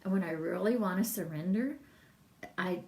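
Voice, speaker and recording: A woman's voice: lowish voice, moderate pace, a little mellow, reverberant, far from the mic. A middle-aged woman, a massage business coach, talking in a casual, rambling livestream and reading out viewer comments. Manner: chatty, rambling, laughs often, reads viewer comments.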